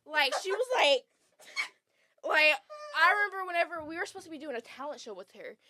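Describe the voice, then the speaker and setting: A young woman co-hosting a casual chat podcast, telling a story with animated acted-out quotes and plenty of swearing. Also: high-pitched, brisk, slight background noise. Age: young adult. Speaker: podcast co-host.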